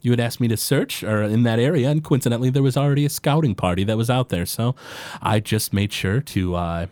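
A man voicing a formal male military commander, speaking in a measured, halting way. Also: medium pitch, a little mellow, no echo, natural voice.

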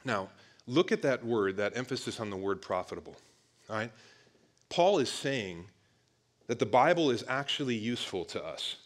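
A man delivers a relaxed, conversational sermon in a mid-range voice. He keeps turning to the listeners with "guys" and often backs up to rephrase before pushing on. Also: medium pitch, normal speed. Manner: conversational, repeatedly addresses listeners as "guys" with frequent restarts. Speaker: preacher. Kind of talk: casual youth sermon.

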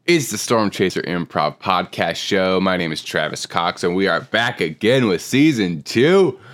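Deep, gravelly-voiced male podcast host. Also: animated, measured pace, a bit bright. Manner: upbeat, playful. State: sick, hoarse. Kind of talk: casual podcast chat.

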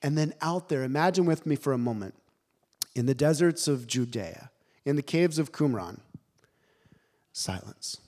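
A man preaching a sermon, animated and emphatic, telling the story with dramatic pauses. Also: mid-range voice.

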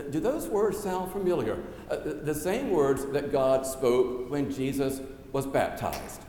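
A man preaches from the pulpit in a fairly high voice, measured and emphatic, throwing out rhetorical questions. His words ring through a large church with a long, roomy reverb. A faint hum of noise sits underneath. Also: darkish tone. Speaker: pastor. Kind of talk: sermon with scripture reading.

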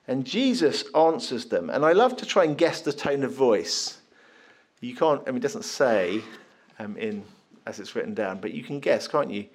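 Chatty preacher. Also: male voice, mid-range voice, moderate pace. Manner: conversational, animated, chuckling storyteller. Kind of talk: sermon.

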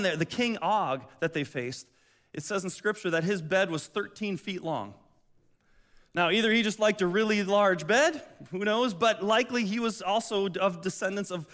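A middle-aged man preaching a sermon, telling the story with lively energy, often restarting his phrases. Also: high voice. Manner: animated storytelling, acts out voices, many restarts. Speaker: pastor.

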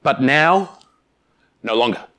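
A man preaching a sermon, speaking emphatically with deliberate pauses and addressing the congregation directly. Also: medium pitch, expressive, sharp tone, clear, resonant tone. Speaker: pastor.

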